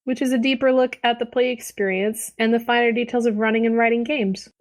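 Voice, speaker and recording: A woman's voice: a little high, fairly even intonation, brisk. A woman co-hosting a podcast about tabletop gaming, joking and swearing in casual chat. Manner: joking and profane, often laughing. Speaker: podcast co-host.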